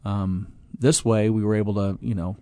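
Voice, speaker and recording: A middle-aged man with a low, gravelly voice tells his story in a loose, conversational way, full of restarts and quoted dialogue. The sound is close and dry, with no room around it. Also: steady tone, normal speed, dark tone, no room sound. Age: 20s in 1997, now middle-aged. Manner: rambling, with many restarts and acted-out quotes. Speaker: guest, apartment property owner. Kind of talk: casual interview storytelling.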